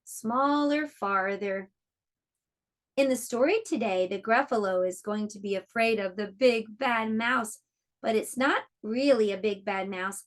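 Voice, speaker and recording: A woman teaching an online preschool lesson, speaking slowly and encouragingly to small children. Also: a little high. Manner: slow, encouraging, clearly explaining to small children.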